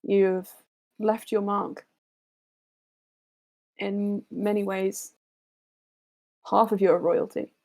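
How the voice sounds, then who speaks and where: A woman's voice: medium pitch, little pitch movement, very slow, long pauses, darkish tone. A woman running a tabletop role-playing game, joking in a playful, self-deprecating way with her players. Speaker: game master. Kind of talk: casual tabletop banter.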